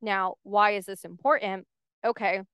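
A woman with a mid-range, clear and resonant voice speaks at a moderate pace, recorded in studio quality without any room sound. Hosting her podcast alone, she talks casually, candidly and animatedly, often saying "like".

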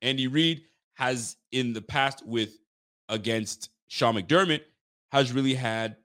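A man hosting a casual live sports talk show, talking emphatically to his viewers and often restarting his sentences. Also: medium pitch. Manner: excitable, emphatic, frequent restarts; chats directly to live viewers. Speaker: sports fan show host.

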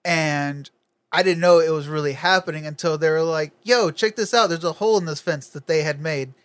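A man's voice: a little high, fairly even intonation, a little fast, a bit bright, smooth, no echo. A young man telling a laid-back story in casual chat, laughing and swearing freely.

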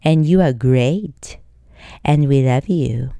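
A fussy middle-aged Japanese mother, as a podcast host puts her on, scolding and doting by turns with a strong Japanese accent. The voice sits low and mellow, and the room sounds dry and close. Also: slow pace, no echo, exaggerated voice.

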